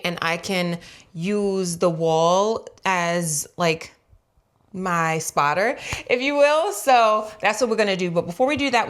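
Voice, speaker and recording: A young woman vlogging casually at home, chatty and playful, talking while chewing gum. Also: medium pitch. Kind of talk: casual chat to camera.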